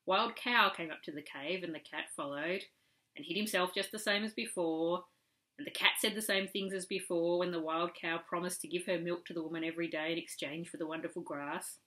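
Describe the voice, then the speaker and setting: A woman's voice: on the low side, fairly even intonation, brisk, sharp tone, low-quality recording. A woman reading a classic storybook aloud to a small child, rhythmic and storytelling.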